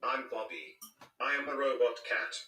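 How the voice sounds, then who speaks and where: A man voicing a sarcastic male robot cat narrator who mocks and insults in deadpan, played back from a video. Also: mid-range voice, moderate pace. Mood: mocking. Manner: mocking, insulting deadpan commentary. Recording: echoey, distant from the mic, played from a video.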